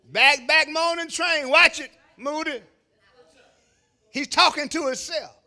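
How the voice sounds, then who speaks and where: A man preaching a sermon as pastor, shouting at the peaks and dropping into low asides to the congregation, calling on them to answer. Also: steady tone, slow. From Kentucky, USA. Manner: call-and-response preaching, calls on the congregation. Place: church sanctuary.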